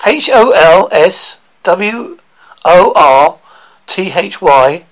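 A man's voice: high voice, lively intonation, extremely slow, poor audio. A man from England with a Devon accent, hosting a radio show and chatting with a guest in a joking, storytelling way. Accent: Devon English. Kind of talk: casual interview chat.

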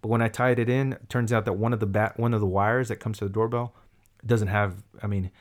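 A man casually telling a story, acting out the people in it with big jumps in his voice. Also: fairly quick. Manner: animated, acts out quoted voices with big pitch jumps. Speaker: storyteller in a chat.

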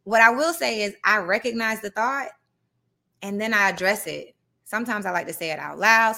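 A young adult woman hosting a live podcast, talking in an animated, conversational way and now and then reading passages aloud. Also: mid-range voice. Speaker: podcast host.

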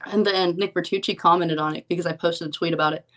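Young woman guest, casual and frank, says like a lot, voice sits a bit low. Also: fairly even intonation, fast talker, a bit bright. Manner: chatty, frank, many "like" fillers. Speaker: professional poker player, guest. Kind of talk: casual interview chat.

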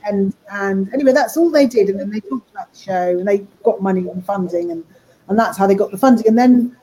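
This woman speaks at a brisk pace in a warm, medium-pitched voice, though the audio is poor. She's an animator and voice actor, rambling and restarting as she discusses her work in a relaxed interview.

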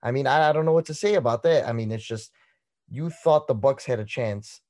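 A young man co-hosts a sports debate, teasing and gloating in a smug, trash-talking way. His voice sits at an ordinary middle pitch. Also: a little fast, a little mellow. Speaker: podcast co-host.

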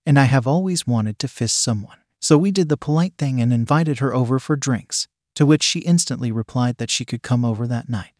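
Man, story narration, steady measured reading, middle pitch, dry sound. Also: dry recording.

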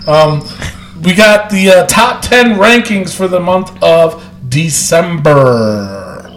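A man hosting a casual wrestling podcast, talking loudly and excitably and laughing often. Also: fairly high pitch, slow, reverberant, soft background music. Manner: loud, excitable, laughs a lot. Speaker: podcast host.

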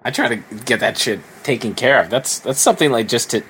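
A man's voice: mid-range voice, a little fast, fairly bright tone, slight background noise. A man co-hosting a casual podcast, joking around with stammered restarts. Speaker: podcast co-host.

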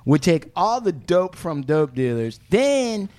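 A man's voice: a little high, big pitch swings, takes it slowly, darkish tone. A man co-hosting a podcast, reacting to a story with wry, incredulous remarks in casual chat.

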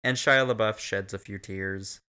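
A man's voice: lowish voice, measured pace, sharp tone, smooth. A man co-hosting a casual, crude film recap chat, profane and laughing often. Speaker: podcast co-host.

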